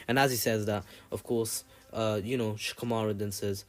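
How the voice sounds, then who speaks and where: A man's voice: fairly low pitch, steady tone, normal speed, few pauses, faint music behind. A young man casually retelling an anime fan story, rambling with many fillers and the odd swear. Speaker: channel narrator.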